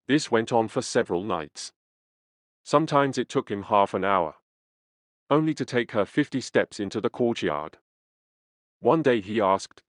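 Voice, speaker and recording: A man reading a first-person memoir aloud as an audiobook narrator, in a measured, earnest way. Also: on the low side, lively intonation, no echo, studio quality. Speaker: audiobook reader.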